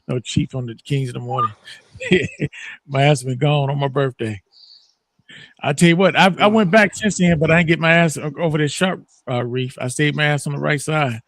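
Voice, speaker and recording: Animated profane man telling a story. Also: on the high side, normal speed, no echo. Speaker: morning show host. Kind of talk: casual chat.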